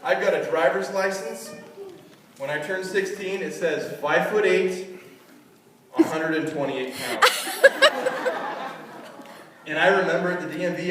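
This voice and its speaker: A man doing live stand-up comedy at a charity event, telling self-mocking stories in an animated way, with sudden jumps up in pitch. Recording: echoey hall, distant mic, loud noise.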